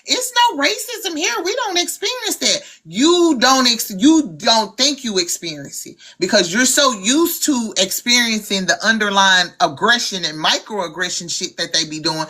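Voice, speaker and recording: A woman's voice: mid-range voice, pushed and bright. Blunt, profane Southern woman. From Arkansas, US. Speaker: livestream host. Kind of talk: casual livestream chat.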